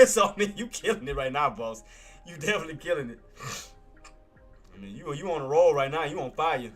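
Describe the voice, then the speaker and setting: A man's voice: a little high, animated, fairly quick, faint music behind. Laid-back slangy male trading streamer. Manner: laid-back, slangy, calls listeners boss and man. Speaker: day-trading livestream host. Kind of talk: casual live market commentary.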